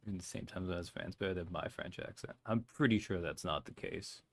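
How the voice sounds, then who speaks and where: A man rambles casually over a game, tossing out self-deprecating asides. His voice sits low with a gravelly, fried edge. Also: fairly quick. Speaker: let's play host. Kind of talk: casual gameplay commentary.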